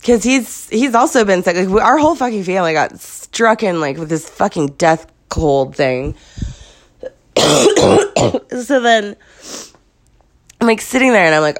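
A woman's voice: mid-range voice, sing-song, a little slow, pauses often. A woman in her thirties, sick with a cold and sniffly, telling a stressful story in a casual vlog, profane and rambling, laughing through it. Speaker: vlogger.

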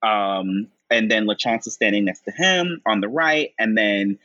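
A man co-hosting a casual chat, slowly recapping a TV scene with lots of fillers and pausing to act out lines in a higher voice. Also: bright, forceful tone, no room sound, lo-fi sound. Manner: slow, halting recap with frequent fillers and high-pitched quoted lines. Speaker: podcast co-host recapping a show.

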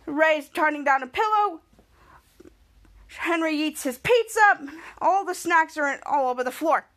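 Brief: podcast host, woman with a very high voice, casual recap, run-on rambling delivery. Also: animated, unhurried, fairly bright tone. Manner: rambling run-on retelling, many "and"s.

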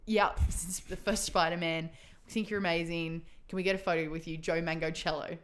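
A woman co-hosting a laid-back podcast tells stories with lively energy and giggles a lot. Her voice is lowish and she speaks slightly fast.

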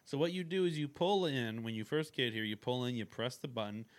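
A man's voice: medium pitch, fairly quick. A man in casual chat who steers the conversation and explains things plainly, step by step. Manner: methodical, steers the story.

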